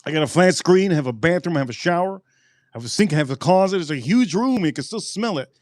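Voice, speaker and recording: A man hosting a live stream and telling a personal story in an animated, profane way, often repeating his lines. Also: on the high side, quick pace, dry recording, studio quality.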